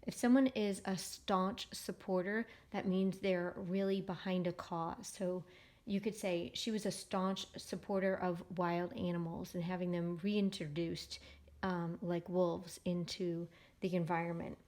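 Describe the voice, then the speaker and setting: Woman, teacher, phonics lesson for kids, slow, patient, sounds out syllables, middle-aged. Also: fairly low pitch, flat delivery, darkish tone.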